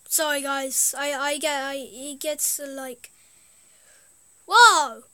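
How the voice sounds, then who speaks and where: A woman's voice: high-pitched, sharp tone, no room sound. A woman hosting a gameplay video, rambling casually and reacting with easy amusement, often trailing off mid-thought. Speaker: gaming video host.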